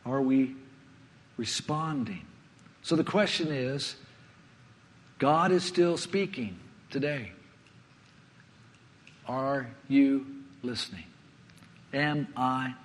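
A man preaching a sermon, earnest, often letting his voice sink to a hush before rising again. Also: a little high. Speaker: pastor. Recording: long hall reverb.

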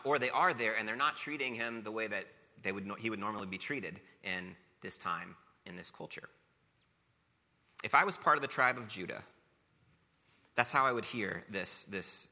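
Low-voiced, sharp-toned male preacher. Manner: earnest, rhetorical questions, repetition for emphasis. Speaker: pastor. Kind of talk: sermon. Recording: long reverb of a large hall.

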